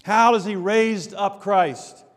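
Animated preacher in a reverberant hall. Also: male voice, high voice, takes it slowly. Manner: animated, swings from loud emphasis to quiet asides. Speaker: pastor. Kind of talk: sermon.

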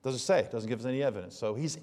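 A man's voice: medium pitch, very fast, a little mellow, in a large hall. A man preaching a sermon in a conversational way, asking many rhetorical questions and building to emphatic bursts. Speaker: pastor.

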